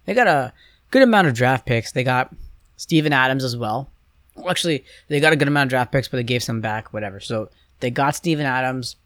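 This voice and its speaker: A young man chatting loosely on a sports podcast, circling back and restarting his sentences as he thinks aloud. His voice sits at an ordinary pitch, recorded dry and close with no room sound. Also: animated, fairly quick, fairly bright tone, no room sound. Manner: rambling, hesitant, many restarts and fillers. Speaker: podcast co-host. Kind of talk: casual sports chat.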